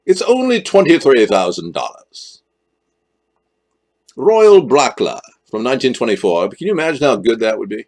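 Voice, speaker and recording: A man's voice: mid-range voice, big pitch swings, moderate pace, a little mellow. A man hosting a political live stream, rambling and joking and often jumping into exaggerated voices. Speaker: livestream host.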